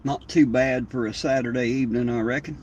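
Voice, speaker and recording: Driving through the night, this southern Ohio livestreamer talks in a drawl that's medium-pitched, steady, brisk and a touch mellow. His chat is easygoing, folksy and meandering, and a far-off mic catches light road noise.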